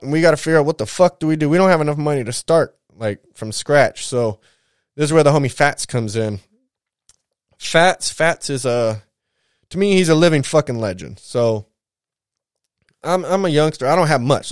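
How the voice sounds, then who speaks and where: A man's voice: medium pitch, smooth, no echo, clean studio sound. A man hosting his own show, telling his life story in a casual, slangy, profane way and acting out the people in it. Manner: profane, slangy street talk; animated retelling with quoted voices.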